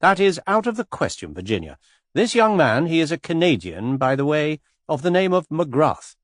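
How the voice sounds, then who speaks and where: A man reading an audiobook, voicing a stuffy, indignant middle-aged English gentleman in a formal, booming way. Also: sing-song, normal speed, dry recording, clean studio sound. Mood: pompous.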